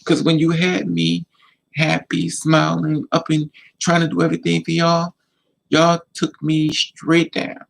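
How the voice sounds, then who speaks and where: A man's voice: a little high, completely flat delivery, a little slow, vocal fry, poor audio. A man giving emphatic, repetitive life advice in a casual monologue to camera, sounding like a vlogger.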